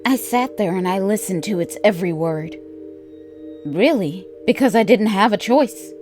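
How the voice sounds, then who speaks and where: A woman narrating a first-person horror story in a measured, deliberate way. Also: mid-range voice, animated, over music.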